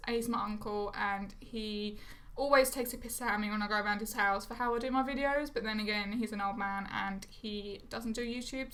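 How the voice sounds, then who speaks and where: Young girl vlogging, high-ish bright voice, chatty and rambly, swears a bit. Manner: chatty, rambling, swears casually, self-mocking. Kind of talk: casual chat to camera. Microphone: phone or camera close to her face.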